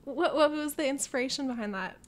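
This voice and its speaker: High-voiced enthusiastic woman host. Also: fairly quick. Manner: warmly enthusiastic, effusive. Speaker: podcast host. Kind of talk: casual interview.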